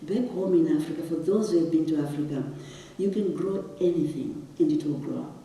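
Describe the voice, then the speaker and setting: A woman's voice: low voice, a little fast, mellow. A woman from Zimbabwe giving a talk on stage, telling a personal story with emotion and building to impassioned questions. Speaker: guest speaker. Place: large hall. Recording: echoey hall, distant mic.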